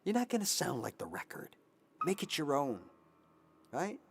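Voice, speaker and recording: A man in his fifties who hosts a guitar channel, giving animated motivational advice on a live stream and now and then singing a line. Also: fairly high pitch, moderate pace, gravelly, slight background noise. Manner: animated, sings snippets, voices his inner brain. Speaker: guitar teacher, channel host.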